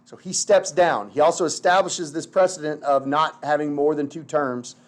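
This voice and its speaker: A man teaching history in a casual, slangy, animated lecture full of filler words. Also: a little high, normal speed. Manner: slangy, animated, lots of "like" and "dude".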